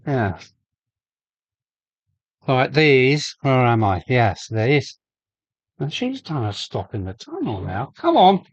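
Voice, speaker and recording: Brief: male live-stream host, unhurried and rambling, mid-pitched voice, dry close sound. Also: very animated, husky, no room sound. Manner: chatty, rambling, greets viewers by name. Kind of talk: casual live-stream chat. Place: home loft with a model railway layout.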